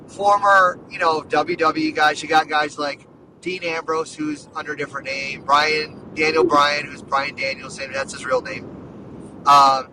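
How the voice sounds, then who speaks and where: Excited high-voiced man chatting sports. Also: distant mic, noisy background. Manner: excited, rambling, lots of "dude" and "like". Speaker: podcast host. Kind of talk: casual sports chat.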